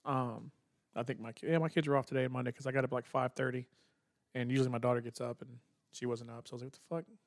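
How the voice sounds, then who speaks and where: A man's voice: medium pitch, fast talker, creaky, no echo, studio quality. A middle-aged man hosting a podcast, joking and teasing in casual chat with a laid-back, slightly mumbled voice. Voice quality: mumbly, relaxed voice. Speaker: podcast host. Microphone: studio microphone.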